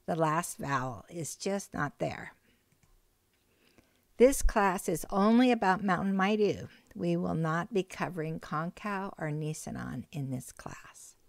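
Slow, careful woman teaching a lesson. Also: on the low side, no room sound. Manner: slow, careful, patient delivery with repeated phrases; speaks target words slowly and deliberately. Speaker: language teacher. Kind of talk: recorded language lesson.

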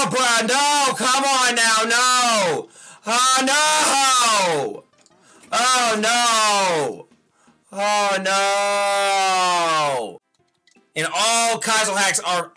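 A man streaming hard platform games, yelling, groaning and cursing at the game as he plays, with music behind him. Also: sits high. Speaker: gaming streamer. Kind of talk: rage-quit gameplay commentary.

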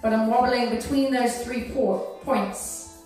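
Taking it slowly, a woman with a highish, darkish voice guides an exercise class, calling out each move and offering encouragement and check-ins. The mic is far away in a very echoey room, and faint music plays.

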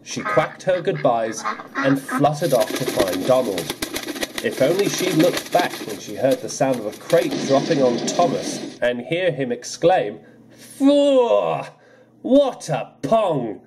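A man narrating a children's storybook adaptation in an expressive reading style, with music underneath. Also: medium pitch, unhurried, heavy background noise.

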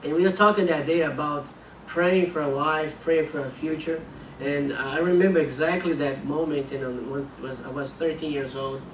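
Earnest preacher in an echoey church. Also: male voice, on the high side, steady tone, normal speed, a little hiss or hum. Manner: repeats and restarts words, earnest storytelling. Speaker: missionary preacher. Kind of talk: sermon with a personal story. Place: church sanctuary. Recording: echoey church room, mic at a distance.

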